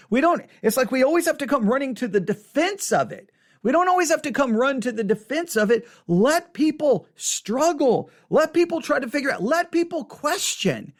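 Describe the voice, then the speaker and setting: A pastor giving an animated teaching talk to camera. The pastor stresses key words, repeats phrases and slips into quick mock quotes. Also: sits high.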